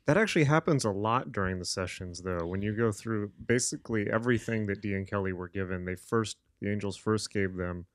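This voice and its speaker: Deep male host, relaxed and chatty, dry close sound. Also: fairly quick, hardly any pauses, no room sound. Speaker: podcast host. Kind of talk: casual interview chat.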